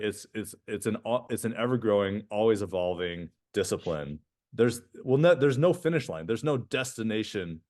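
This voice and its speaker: A man's voice: lowish voice, darkish tone. A man co-hosting a podcast, chatting casually and animatedly, restarting sentences and tagging them with "right?". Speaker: podcast co-host.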